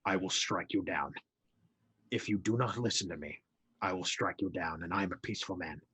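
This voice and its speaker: A man playing a stern orc paladin who gives slow, grave commands and threats. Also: low voice, pushed and bright, husky, dry recording, voice pushed down, full character voice. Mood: grave, threatening.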